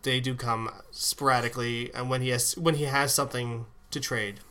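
Male podcast co-host, bright tone, easygoing casual chat. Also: medium pitch, clean tone. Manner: relaxed, chatty, quick to laugh.

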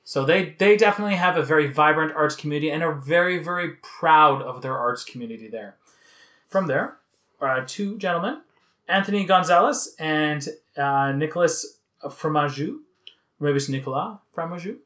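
Chatting casually as co-host of a music podcast, a man from Canada reads out researched facts about a band. He speaks at normal speed in a fairly high-pitched, slightly bright voice.

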